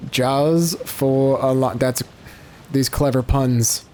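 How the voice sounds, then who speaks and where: A man's voice: medium pitch, fairly even intonation, takes it slowly, darkish tone, slight background noise. A man rambling through casual gameplay commentary as a let's play host, often breaking off mid-sentence and searching for words. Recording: game music playing behind.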